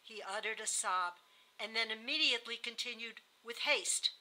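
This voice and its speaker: A woman reading novel narration aloud in a measured way. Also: a little high, bright, forceful tone, poor audio. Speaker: audiobook reader.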